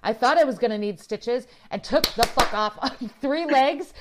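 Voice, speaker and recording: A woman telling a story in casual chat, animated, laughing often and swearing freely. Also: fairly high pitch, normal speed, background noise.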